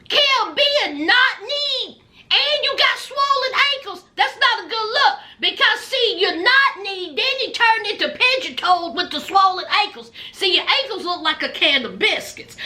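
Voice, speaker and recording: A woman recapping a reality TV episode in a sassy, comedic, animated way. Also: very high-pitched. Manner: sassy, animated, drawn-out punchlines.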